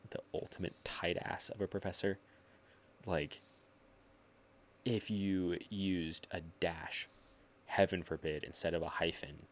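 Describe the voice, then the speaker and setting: A man's voice: low-pitched, vocal fry, slight background noise. A young man chatting casually as a podcast guest, telling rambling anecdotes full of "like" and swearing. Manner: storytelling, lots of filler "like", swearing. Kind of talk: casual chat. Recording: live podcast.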